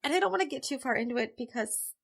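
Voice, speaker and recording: A woman co-hosting a casual book reread podcast, teasing and quick to laugh, with firm opinions. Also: high-pitched, animated, vocal fry. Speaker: podcast co-host.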